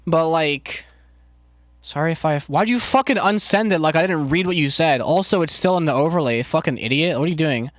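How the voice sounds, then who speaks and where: A man's voice: fairly high pitch, fairly quick, no echo, studio quality. A man streaming casually and rambling to his chat, loose and profane, with lots of filler words. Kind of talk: casual chat, answering live chat.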